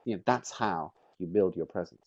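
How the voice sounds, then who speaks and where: A middle-aged man with a low-sitting voice presents a webinar at a moderate pace, and the audio sounds dull. He speaks emphatically, shifting the stress onto different key words to drive his points home.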